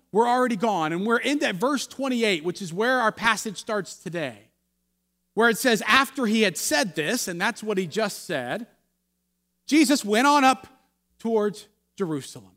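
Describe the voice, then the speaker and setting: High-voiced man preaching in a hall. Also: a bit bright. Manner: conversational, halting with many restarts. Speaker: pastor. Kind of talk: sermon. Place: church.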